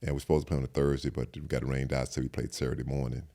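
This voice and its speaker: A man's voice: very deep voice, flat delivery, racing, creaky, warm tone. A man in his sixties, a podcast guest, telling stories in casual chat and often repeating words as he starts sentences. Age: 60s.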